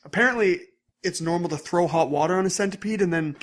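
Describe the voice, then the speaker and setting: A young man co-hosting a podcast, recapping episodes in casual chat with a rambling, animated way of talking. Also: high voice, fast talker. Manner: rambling, animated, acts out scenes in bursts. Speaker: podcast co-host.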